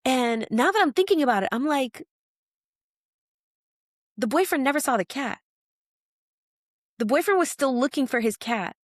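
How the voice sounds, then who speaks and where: Woman podcast co-host, casual chat, lively storytelling, dry close sound. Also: high-pitched, moderate pace, pauses often, no room sound. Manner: animated storytelling, acts out quoted lines. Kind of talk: casual chat recapping a show.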